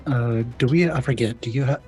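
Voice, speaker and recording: A man's voice: medium pitch, brisk, a little mellow, faint music behind. A man chatting casually as a player in an online tabletop game, joking and laughing often.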